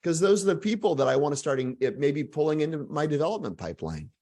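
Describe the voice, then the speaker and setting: A man from Texas, in his forties, speaking as a guest author in a casual interview, animated and full of asides and jokes. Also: fairly high pitch, fast. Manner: energetic, animated storyteller with frequent asides and self-deprecating humor.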